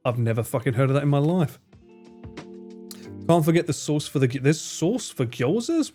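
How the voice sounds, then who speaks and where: Very animated, this British streamer has a fairly high voice with a dark tone. He jokes rapidly with his live chat and curses frequently while faint guitar music plays behind him.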